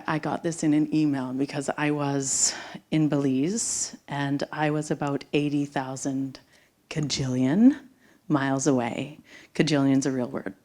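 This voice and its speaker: On a theater stage before an audience, a middle-aged woman with a low voice tells a personal story live. Her delivery is dramatic, swinging from loud bursts down to hushed whispers.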